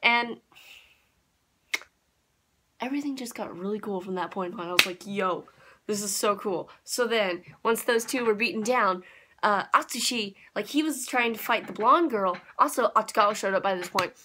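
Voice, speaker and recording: A young woman reviewing an anime episode in a casual, gushing way, with sudden excited jumps in pitch. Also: normal speed, noisy background.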